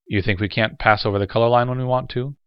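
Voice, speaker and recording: A man reading the lines of a cool, detached alien man who speaks flatly and matter-of-factly. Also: medium pitch, fast talker, clear, resonant tone, no echo, natural voice. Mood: indifferent. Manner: flat, detached, matter-of-fact. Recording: dull lo-fi recording.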